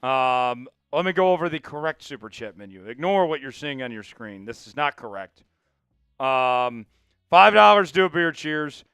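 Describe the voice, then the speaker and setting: A man's voice: mid-range voice, expressive, normal speed, fairly bright tone, smooth, dry recording, faint music behind. A man hosting a live sports stream, hyped and pleading with viewers, with bursts of mock outrage. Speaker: livestream sports show host. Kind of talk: casual live-stream chat.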